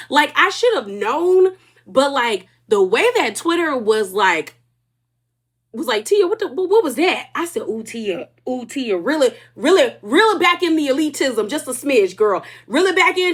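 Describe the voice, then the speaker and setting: A woman recapping a reality show episode in a casual, gossipy way, with drawn-out reactions. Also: fairly high pitch.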